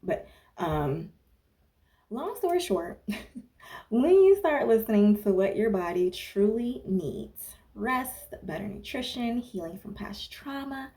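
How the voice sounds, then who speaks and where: Woman fitness coach, mellow warm tone, chatty talking-head advice, frequent "okay?" check-ins, loose asides. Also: fairly high pitch, lively intonation, slow. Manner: chatty, tags points with "okay?", digresses and laughs at herself. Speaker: wellness coach and former personal trainer.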